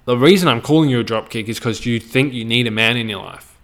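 A man's voice: medium pitch, quick pace, a bit bright. An Australian man hosting a podcast, ranting casually with blunt, heavy swearing and a preachy tone. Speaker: podcast host.

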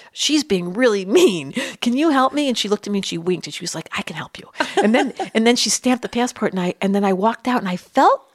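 A woman's voice: medium pitch, no room sound, clean studio sound. A woman guest, an astrologer, telling stories in casual chat. She acts out quotes and sometimes drops to a whisper.

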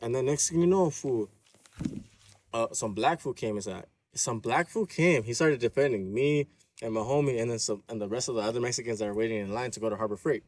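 A man's voice: mid-range voice, brisk, dry recording. A man telling a profane, slangy story in casual chat.

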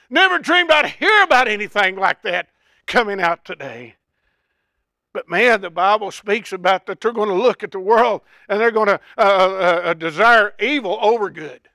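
An older man preaching a folksy, impassioned sermon that swells into shouts. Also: high voice, no room sound, clean studio sound.

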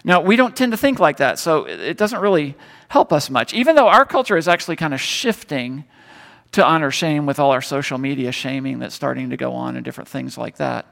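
A man preaching a sermon, telling a story and moving between loud emphasis and hushed tones. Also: medium pitch, expressive, fairly quick, gravelly. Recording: long hall reverb.

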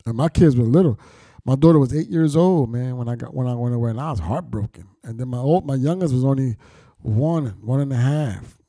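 A man's voice: medium pitch, brisk, dark tone, no room sound, studio quality. A middle-aged man telling his life story candidly, blunt and profane, with street slang and reflective turns. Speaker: storyteller recounting his past.

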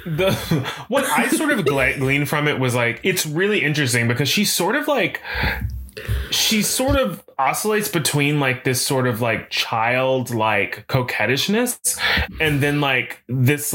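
A man co-hosting a casual podcast, talking through a film in a rambling, expressive way. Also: medium pitch, measured pace, a little hiss or hum. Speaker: podcast co-host.

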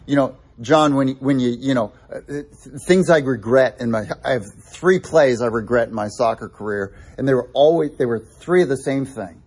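A man preaching a sermon, telling animated personal stories with many restarts. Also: on the high side, moderate pace, breathy edge. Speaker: pastor.

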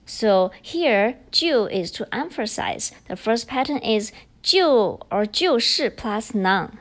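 A woman's voice: fairly high pitch, animated, slow pace, hardly any pauses. A woman hosting a podcast, teaching Chinese grammar in English, and explaining each example sentence carefully before she repeats it. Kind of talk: bilingual language lesson.

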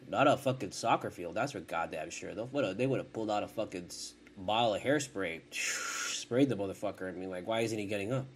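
A man in his forties with a somewhat low voice, talking loosely on a podcast. He rambles from thought to thought, swears freely and restarts his sentences. Behind him there is a faint hiss of noise. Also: a little fast, few pauses. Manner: profane, rambling, self-interrupting. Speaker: podcast host. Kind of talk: casual rambling chat.

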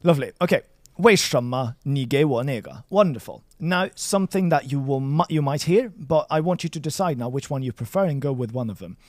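A man's voice: medium pitch, animated, fairly quick, hardly any pauses, a little mellow, no echo, studio quality. A man from Sweden tutoring Chinese in a casual lesson, encouraging and playful, praising his student often. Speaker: language tutor.

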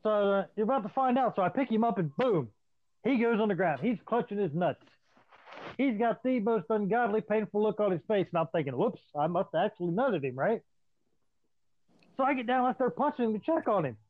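High tinny-voiced profane male storyteller. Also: lively intonation, fairly quick. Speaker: podcast co-host, former wrestler. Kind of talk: casual storytelling chat. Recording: dry, tinny phone-like sound.

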